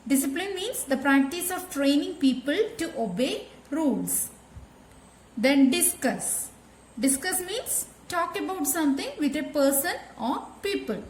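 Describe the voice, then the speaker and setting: A woman teacher explaining a grammar lesson slowly, repeating key words and checking with "okay?". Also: high voice, animated, reverberant, slight background noise. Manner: slow, repetitive explaining with frequent "okay?" checks. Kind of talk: classroom lesson.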